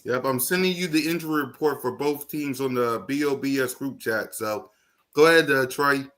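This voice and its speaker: A man's voice: mid-range voice, normal speed, fairly bright tone. A man hosting a casual sports podcast, moderating the talk and calling on his co-hosts in turn. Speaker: podcast host.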